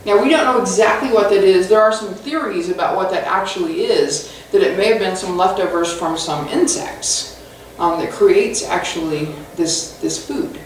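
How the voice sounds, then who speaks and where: A woman pastor preaching a conversational sermon with animated, humorous storytelling, recorded in a church sanctuary away from the mic. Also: medium pitch, moderate pace, a little hiss or hum. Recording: echoey hall from far off.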